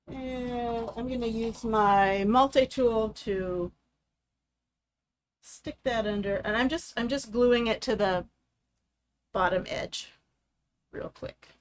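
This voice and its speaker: A woman talking through a craft project step by step, relaxed and chatty. Her voice sits a little high, with a faint hiss of room noise behind her. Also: takes it slowly, long pauses. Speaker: craft host. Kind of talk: live craft demonstration.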